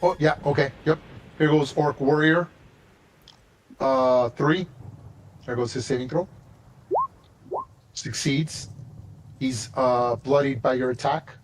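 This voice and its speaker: A man's voice: medium pitch, fairly even intonation, slow pace, pauses often, slight background noise, low-quality recording. A man narrating and running a tabletop game as game master, talking casually with many restarts.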